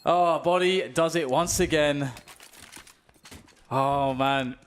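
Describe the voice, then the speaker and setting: A British man doing play-by-play esports commentary, calm analysis that breaks into excited shouting on big plays. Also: on the high side, slow, smooth.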